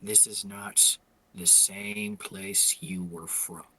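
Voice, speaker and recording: A man voicing a stern, cold-eyed male warrior in a tabletop role-play, speaking low, slow and quietly. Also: steady tone, slightly rough, heavily acted, rough recording. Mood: cold warning.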